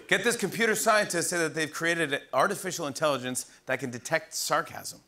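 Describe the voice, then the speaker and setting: Male late-night host, slightly high voice, loud crowd and room noise behind. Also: brisk, hardly any pauses. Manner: giggly, breaks into laughter at his own jokes. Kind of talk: comedy monologue. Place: TV studio with live audience. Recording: broadcast with loud audience laughter.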